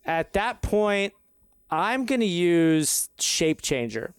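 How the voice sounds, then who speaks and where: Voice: mid-range voice, sing-song, slow pace, clean tone, dry recording, studio quality. A player in a tabletop game, casual and hesitant, thinking aloud.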